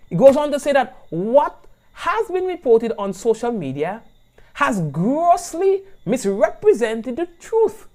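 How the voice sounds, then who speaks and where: Animated Grenadian man, high voice. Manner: animated and chatty, often asking "you understand?". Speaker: live-stream show host. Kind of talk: casual talk-show commentary.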